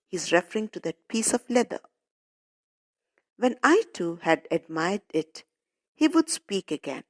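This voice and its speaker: A woman's voice: fairly low pitch, sing-song, unhurried, husky. A woman English teacher explaining a story to schoolchildren, patiently repeating and paraphrasing while calling them children.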